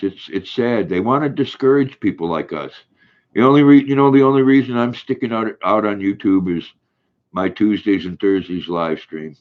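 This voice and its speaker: Rich: An older man with a low voice chats his way through a home live stream, rambling from one story to the next and laughing easily. The sound is dull and lo-fi. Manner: rambling, reads viewer comments aloud, chuckles often. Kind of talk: casual live stream chat.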